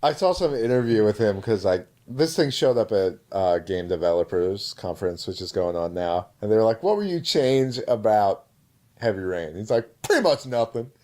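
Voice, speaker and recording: A man's voice: lowish voice, lively intonation, moderate pace, dark tone. A man co-hosting a podcast in casual comedic chat, retelling things animatedly and mimicking people he quotes. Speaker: podcast co-host.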